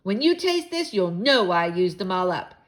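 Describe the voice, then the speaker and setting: A cheerful, boastful dad, as a woman reading a storybook puts him on, hearty and emphatic. He talks a bit higher and louder than a plain reading, with a lively swing. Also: normal speed, close to an everyday voice. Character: cheerful, boastful father cooking for his kids.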